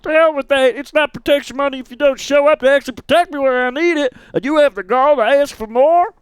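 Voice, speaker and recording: High voice reading game dialogue. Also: fast, no echo. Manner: reads dialogue aloud with jokey asides. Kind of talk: let's play with voiced dialogue.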